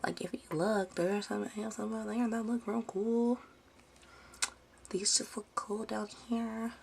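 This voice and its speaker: A woman's voice: mid-range voice, little pitch movement, a little slow, vocal fry, darkish tone, slight background noise. A young woman with a Baltimore accent and a Southern drawl, chatting through a craft tutorial at home and getting sidetracked. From United States. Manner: chatty, easily sidetracked, uses "y'all". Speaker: DIY vlogger.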